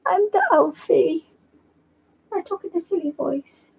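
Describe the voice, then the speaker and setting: A woman's voice: very high-pitched, unhurried, gravelly, darkish tone, voice pushed up, full character voice. A woman voicing her sleepy, lazy little male pet dog in childlike baby talk, on a dull lo-fi recording. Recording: dull lo-fi sound.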